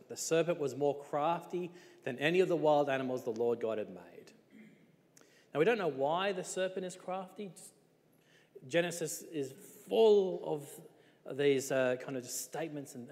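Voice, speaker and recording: A man preaching a sermon in a relaxed, conversational way, with many rhetorical questions. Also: a little high, in a large hall.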